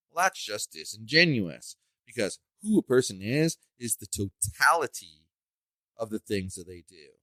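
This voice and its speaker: A man's voice: medium pitch, bright, forceful tone, no room sound, low-quality recording. A man hosting a solo podcast, ranting in an indignant, emphatic way and drawing out the words he stresses. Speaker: podcast host.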